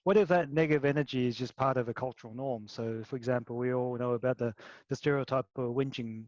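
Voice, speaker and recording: A man's voice: mid-range voice, quick pace, a little mellow, no room sound. A man asking a question in a webinar over a video call, hesitant and joking, with many restarts. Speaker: webinar participant. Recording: dry muffled call audio.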